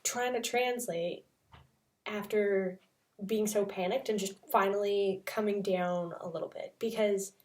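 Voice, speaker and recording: A woman's voice: medium pitch, fairly even intonation, measured pace, recorded from a distance. A young woman from Canada, telling a travel story in a casual, chatty way full of "like" fillers. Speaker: vlogger.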